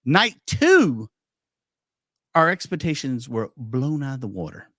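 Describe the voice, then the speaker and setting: A man's voice: mid-range voice, big pitch swings, measured pace, a bit bright, no room sound, clean studio sound. A man hosting a podcast, chatting casually and telling anecdotes with lots of quoted dialogue. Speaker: podcast host. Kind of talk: casual chat storytelling.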